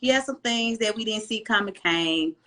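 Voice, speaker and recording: A woman guest on a podcast, telling animated stories in a casual, slangy way. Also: medium pitch, normal speed. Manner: animated storytelling, slangy and playful. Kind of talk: casual chat.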